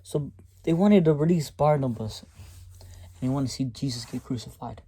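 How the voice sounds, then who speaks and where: Man, gravelly and mellow, reads scripture aloud and stops often to preach about it in a folksy, plain-spoken way. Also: mid-range voice, moderate pace. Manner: breaks off reading to comment emphatically, folksy. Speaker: Bible reader and commentator. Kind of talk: casual devotional Bible reading with commentary.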